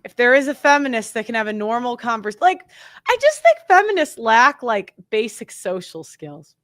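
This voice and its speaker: Bright, high-voiced woman host ranting. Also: very animated, normal speed. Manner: indignant, defensive, with many "like" and "you know" fillers; mimics others in quoted lines. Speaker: show host. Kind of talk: opinionated monologue to camera.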